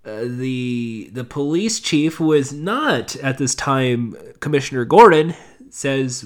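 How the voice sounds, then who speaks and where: A man's voice: medium pitch, lively intonation, slow pace. Rambling man recapping an episode. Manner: rambling, with many fillers and restarts. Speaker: show reviewer.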